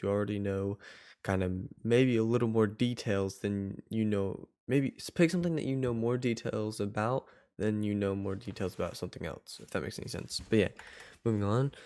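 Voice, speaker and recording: An online coach with a lowish, slightly mellow voice gives a loose, chatty tutorial, walking viewers through each step. He tends to ramble, self-correct and begin sentences over.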